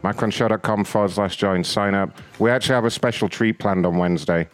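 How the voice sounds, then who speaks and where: A man's voice: on the low side, quick pace, clean tone. A man hosting a prank call show, playful and crude, acting innocent on the phone.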